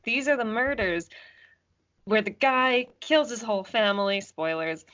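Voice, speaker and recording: A woman's voice: a little high, a little slow, fairly bright tone. Teasing young woman, dry podcast humor. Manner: teasing and dry, laughs often. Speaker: podcast co-host. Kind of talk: casual chat. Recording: dull lo-fi sound.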